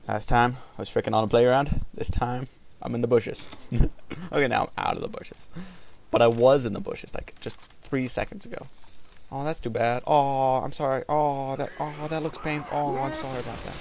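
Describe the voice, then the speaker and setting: A man's voice: medium pitch, steady tone, moderate pace, creaky, darkish tone, a little hiss or hum. A man rambling and joking as he comments on a video game, talking to its characters. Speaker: gaming video host. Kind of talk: let's play commentary. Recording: game gunfire over voice. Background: video game gunfire and ambience.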